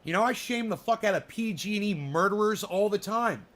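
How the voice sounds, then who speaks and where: A man chatting casually as host of his own show, rambling from point to point and swearing freely. His voice sits high for a man, with a bright, sharp edge. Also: lively intonation, a little fast. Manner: rambling, profane, blunt. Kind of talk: casual chat.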